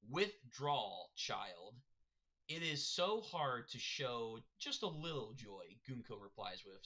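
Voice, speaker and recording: A man reacting live to a manga chapter, reading panels aloud with excitable running commentary. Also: mid-range voice.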